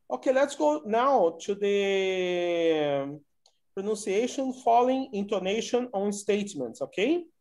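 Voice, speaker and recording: A man teaching an online English conversation class, coaxing students along slowly with many fillers. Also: sits high, darkish tone.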